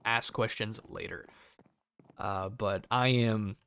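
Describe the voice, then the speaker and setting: A man's voice: lowish voice, slow pace, vocal fry, fairly bright tone, clean tone. A young American man telling a work story in a sarcastic, profane, casual way and acting out the people in it. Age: young adult. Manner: profane, sarcastic, acts out quoted voices. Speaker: cable technician storyteller.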